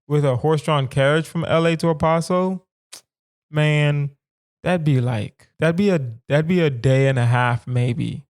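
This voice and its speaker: Rambling man in his thirties, smooth voice. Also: mid-range voice. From southern United States. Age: 30s. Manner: animated, rambling, talks to listeners with rhetorical questions. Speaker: comedian podcast host. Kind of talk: casual solo podcast musing.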